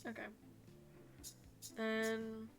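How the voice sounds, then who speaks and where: A woman streamer reading a visual novel aloud on stream, with an animated, giggly manner and chatty asides to her audience. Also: fairly high pitch, very slow, gravelly, soft background music.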